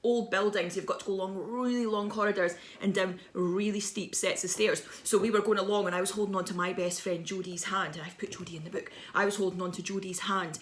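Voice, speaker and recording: A woman's voice: medium pitch, fairly even intonation, fast, few pauses, a little hiss or hum. A woman in her thirties, a visiting children's author, telling a playful, dramatic story to schoolchildren over a video message.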